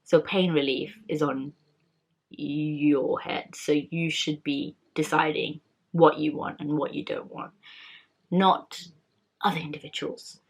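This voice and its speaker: A woman's voice: sits low, steady tone, slow pace, husky. A young woman vlogger in casual chat, talking candidly and rambling with many fillers and restarts.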